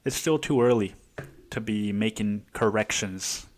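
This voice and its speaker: A man's voice: on the low side, a little slow. Rambling, foul-mouthed young man. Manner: rambling, heavy swearing, many restarts and fillers. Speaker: podcast host. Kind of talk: casual solo podcast monologue.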